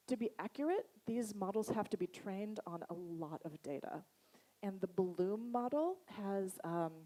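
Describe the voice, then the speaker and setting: A woman with a Boston accent giving a chatty, animated conference talk. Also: mid-range voice, low-quality recording. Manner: chatty and animated, laughs often. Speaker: conference speaker. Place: conference hall.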